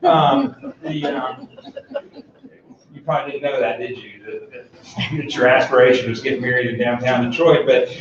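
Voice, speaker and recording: A man's voice: medium pitch, animated, normal speed, slight background noise. Man, middle-aged, conference speaker, folksy rambling anecdote, fillers, dull distant sound. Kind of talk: humorous personal anecdote. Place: large conference room. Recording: echoey hall, distant mic, dull sound.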